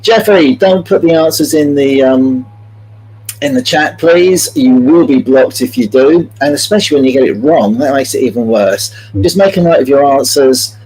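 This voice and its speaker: Through poor audio, a quiz host with a mid-range, darkish, slightly breathy voice runs a live-streamed multiple-choice quiz. He is chatty and jokey, calling out viewers by name as he reads each question.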